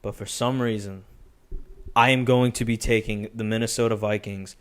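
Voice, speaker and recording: A young man hosting a casual sports betting podcast, loud and laughing, swearing often. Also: on the low side, fairly even intonation, moderate pace, clear, resonant tone. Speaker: podcast host.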